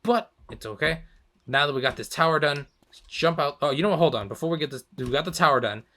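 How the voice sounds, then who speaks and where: Bright-voiced, chatty gaming man. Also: a little high, fast. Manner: chatty, self-mocking, laughs often, mild swearing. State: slightly hoarse. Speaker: gaming channel host. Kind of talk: casual gameplay commentary.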